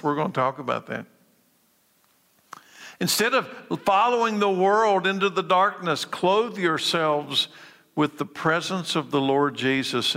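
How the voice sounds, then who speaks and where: Bright-voiced preacher in a reverberant hall. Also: male voice. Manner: preaching with emphatic shifts between loud urgent calls and low quiet lines. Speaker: pastor. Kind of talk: sermon. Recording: long reverb of a large hall.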